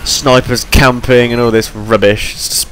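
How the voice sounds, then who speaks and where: A man's voice: medium pitch, little pitch movement, normal speed, a bit bright, slight background noise. A tired young man giving rambling, chatty commentary over his gameplay, yawning between points. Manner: rambling, chatty, self-deprecating.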